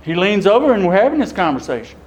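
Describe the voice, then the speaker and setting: Speaking high and fast on a low-quality recording, a middle-aged deacon spins a folksy tale for a parish audience. He animates the story by performing the quotes, and now and then he becomes tearful.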